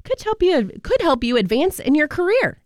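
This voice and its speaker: A woman's voice: high voice, very animated, moderate pace, very noisy. A woman from Virginia hosting a radio show, talking in a chatty, conversational way. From Virginia, USA. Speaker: radio host. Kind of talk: casual radio talk. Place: radio studio.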